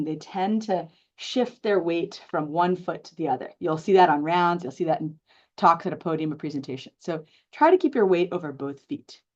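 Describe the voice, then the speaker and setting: A woman physician giving a live speaking-skills lecture to an in-person and online audience, coaching in a lively, direct tone with frequent asides. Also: on the low side, dull audio.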